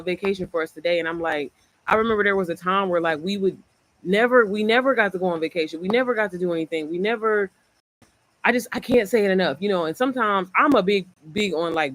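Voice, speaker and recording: A woman's voice: lowish voice, fairly bright tone. A woman hosting a casual livestream from home, rambling and often repeating herself as she chats with viewers. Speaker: online business creator hosting a livestream. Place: at home, indoors.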